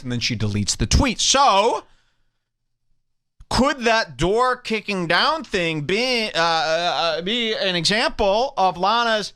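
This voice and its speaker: Bright, lively sarcastic male podcast host. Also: sits high. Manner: sarcastic, drawn-out emphasis. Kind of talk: mocking commentary over clips.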